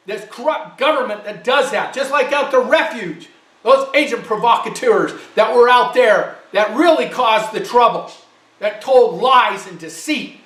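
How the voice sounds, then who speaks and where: A man delivering an angry, loud and emphatic political rant as a commentator. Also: high-pitched, echoey room, recorded from a distance, low-quality recording.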